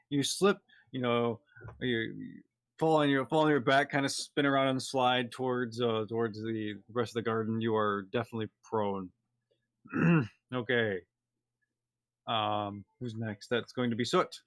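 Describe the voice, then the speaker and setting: A man's voice: mid-range voice, steady tone, measured pace, no echo, studio quality. A man narrating as game master in a loose, hesitant way with many fillers.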